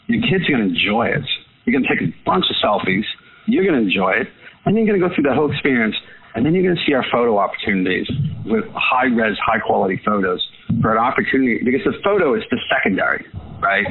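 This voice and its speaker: A man's voice: medium pitch, husky. A man talking casually and with enthusiasm as an interview guest, using lots of fillers and repeating himself. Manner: enthusiastic, repetitive, many fillers. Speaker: guest, photo business owner. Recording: tinny phone-line sound.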